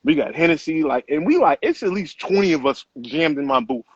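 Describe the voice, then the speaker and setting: A middle-aged man, an author guest, telling stories in casual interview talk with animated street slang and plenty of cursing. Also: on the high side, a little fast, breathy edge, dry recording. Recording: muffled lo-fi sound.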